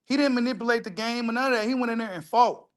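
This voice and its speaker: A man talks in a high, excitable register as he reacts to a video. He repeats lines for emphasis and drops curse words freely, in loose casual commentary. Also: fast. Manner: repetitive, emphatic, profane street talk.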